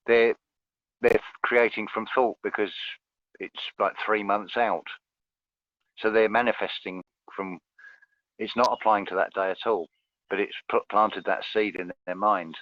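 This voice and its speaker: A man's voice: fairly low pitch, dry recording, dull audio. A man in casual conversation as a guest, hesitant, often repeating words as he starts a thought.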